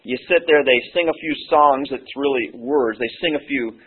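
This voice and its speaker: A hoarse man preaching a sermon as pastor, earnest and halting, with many "uh" pauses. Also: medium pitch. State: hoarse, losing his voice. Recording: tinny phone-like sermon recording.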